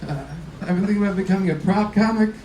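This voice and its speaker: A nineteen-year-old man from Ohio doing a stand-up set of dark deadpan one-liners, out of breath. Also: high voice, racing. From Ohio, Cincinnati area. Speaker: young stand-up comedian. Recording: roomy comedy club from far off. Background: crowd noise.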